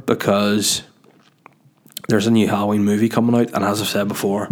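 A stand-up comedian hosts his own podcast from his dining room, telling a rambling, profane, self-mocking story full of stumbles and restarts. His voice sits in the mid-range, with a steady tone and a slightly fast pace. It's casual solo storytelling.

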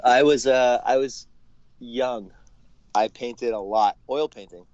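A man's voice: mid-range voice, takes it slowly, darkish tone, no echo. Canadian guy in his 30s, laughs lots, lots of uhs and ums, kinda dull lo-fi audio. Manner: laughs often, hesitant with many fillers, swears casually. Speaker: podcast guest, brewer. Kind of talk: casual chat.

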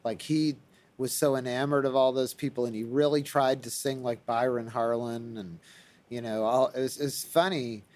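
A man's voice: mid-range voice, fairly even intonation, normal speed, darkish tone. A man in casual conversation, rambling enthusiastically with frequent fillers and restarts. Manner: rambling, enthusiastic about old records.

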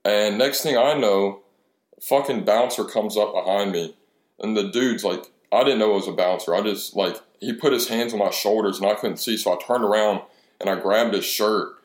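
A man's voice: lowish voice, moderate pace. A man in his twenties telling a profane, rambling bar story in casual chat, acting out the other people's lines as he goes. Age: 20s. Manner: profane, storytelling with quoted dialogue. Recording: echoey room.

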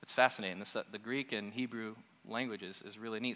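A man preaching a sermon in a conversational, animated teaching manner, often repeating phrases for emphasis. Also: lowish voice, brisk, hardly any pauses, long reverb tail.

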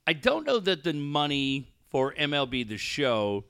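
A man's voice: a little high, big pitch swings, measured pace, a bit bright, smooth, no room sound, clean studio sound. A man co-hosting a podcast in casual chat, swearing often and acting out the people in his stories. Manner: profane storyteller, acts out quoted voices. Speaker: podcast co-host.

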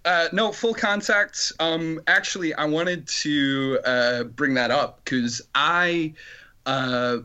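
A man's voice: on the high side, slow pace, pushed and bright, clean tone. A man calling into a sports podcast as a guest, talking in a modest, dryly joking way. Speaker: guest, amateur football player. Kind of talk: phone-in interview. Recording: dull phone-line sound.

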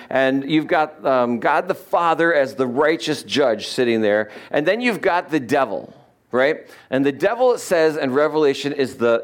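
A man preaching a conversational sermon, joking with the congregation and explaining words with frequent fillers. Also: mid-range voice. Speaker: pastor.

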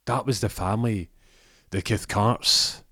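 A man's voice: lowish voice, steady tone, a little slow, bright, forceful tone, no echo, studio quality. A man voicing a smug, scheming male gangster who taunts his rival. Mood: gloating. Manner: gloating, taunting.

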